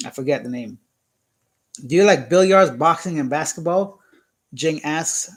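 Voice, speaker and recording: A man's voice: a little high, unhurried. A young man from Canada hosting a casual live stream, reading viewer comments aloud and joking around. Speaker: YouTube channel host.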